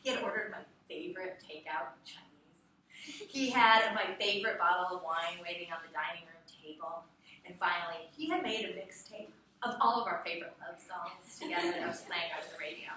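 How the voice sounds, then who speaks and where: Woman teacher, bright tone, quizzes the class, echoey room from far off. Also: fairly low pitch, brisk, a little hiss or hum. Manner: lively, asks the class questions. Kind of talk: classroom lecture.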